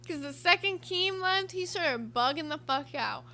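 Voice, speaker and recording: A woman's voice: extremely high pitch, expressive, a little slow, pushed and bright. A woman co-hosting a casual reaction show, talking bluntly and emphatically with plenty of swearing. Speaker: co-host.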